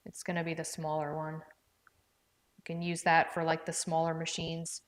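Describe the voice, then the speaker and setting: A woman's voice: low-pitched, monotone, unhurried. A woman hosting a casual live stream from home, chatting with viewers by name and thinking aloud as she checks prices. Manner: chatty, talks to viewers by name and reads out comments. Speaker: livestream product presenter. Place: indoors at home with her dog.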